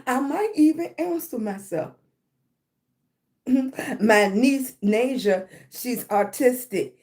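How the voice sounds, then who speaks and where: Woman, high-pitched voice, motivational live-stream talk, congested chest, repeats "right?". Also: animated, slow pace, darkish tone. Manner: repetitive, keeps asking "right?". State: chest congestion, clearing her throat.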